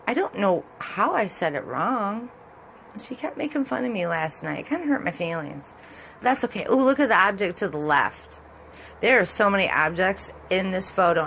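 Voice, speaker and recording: With a little hiss or hum on the audio, a middle-aged woman talks casually over sky photos as a vlogger, wandering off topic and laughing a lot. She has a low, fairly bright voice and a Michigan accent with Southern touches.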